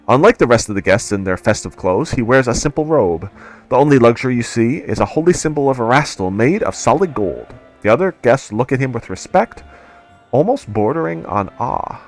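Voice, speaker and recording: A man hosting a let's play, narrating game text with casual wry asides. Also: medium pitch. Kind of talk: game playthrough with read-aloud narration.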